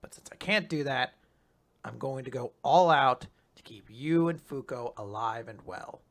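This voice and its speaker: A man reading a weary, guilt-ridden male gunman's lines in a quiet, subdued, confessional way. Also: mid-range voice, measured pace, natural voice. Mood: somber.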